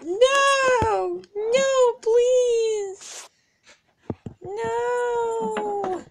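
A woman voicing a frantic young pony girl in a homemade toy skit, with shrill, pleading wails. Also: slow, very noisy. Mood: panicked.

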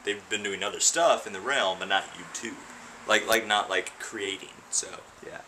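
A man's voice: on the low side, moderate pace, bright, forceful tone, low-quality recording. A young man chatting casually to camera while driving, goofy and jokey. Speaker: vlogger. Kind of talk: casual vlog chat. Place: inside a moving car. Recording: car road noise.

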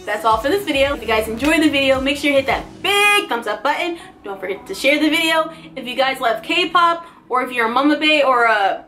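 A woman's voice: sits high, animated, fairly quick, few pauses, sharp tone, faint music behind. A woman vlogger giving a giddy, gushing reaction commentary, laughing often and crying out.

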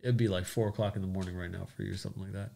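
A man's voice: deep voice, fairly even intonation, racing, gravelly, warm tone, a little hiss or hum. A man hosting a crypto livestream in a casual chat, loosely joking and greeting commenters by name.

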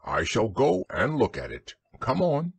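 Man doing a calm, kindly young boy. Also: medium pitch, a little slow, gravelly, husky, no room sound, pitched above the performer's own voice, heavily acted. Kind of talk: storybook reading.

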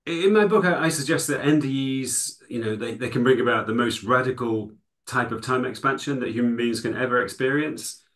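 English guy being interviewed, thoughtful, lots of you knows, mid pitch. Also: a little fast, few pauses, a bit bright. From England. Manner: thoughtful, explanatory, with many "you know" fillers. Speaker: guest, psychology lecturer and author. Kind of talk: conversational interview answers.

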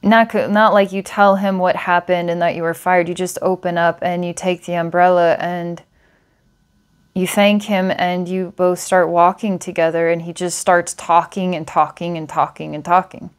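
A woman's voice: on the low side, little pitch movement, normal speed, smooth. A woman psychic giving a client a past-life reading, meandering with filler words and small laughs. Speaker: psychic reader.

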